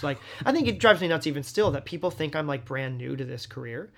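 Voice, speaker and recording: Talking fast with few pauses, this thirties-aged stage actor has a fairly high, lively voice. As an interview guest he chats animatedly through casual stories, saying "like" a lot and acting out quotes.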